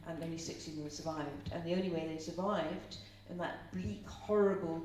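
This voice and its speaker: Her low-pitched voice stays steady and a little mellow at a normal speed while this middle-aged Irish seminar speaker gives a chatty, story-filled live talk and asks listeners questions. The room echoes, she's far from the mic, and there's a faint hum.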